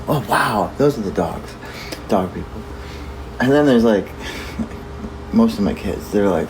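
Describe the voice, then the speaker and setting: A man's voice: lowish voice, lively intonation, normal speed. Rambling joking man, noisy background. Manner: joking, meandering, self-correcting. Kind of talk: rambling casual monologue.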